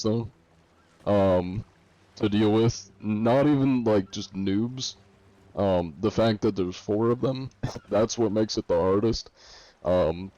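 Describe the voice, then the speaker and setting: A man's voice: fairly low pitch, mellow, no room sound, highs cut off. Laid-back man streaming a game. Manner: laid-back, laughs often, many fillers. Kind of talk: casual gameplay chat.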